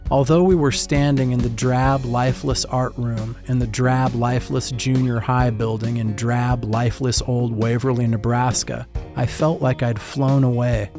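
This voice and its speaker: A man's voice: mid-range voice, steady tone, moderate pace, few pauses, music in the background. Man narrating a story in first person. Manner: reflective, wry, descriptive.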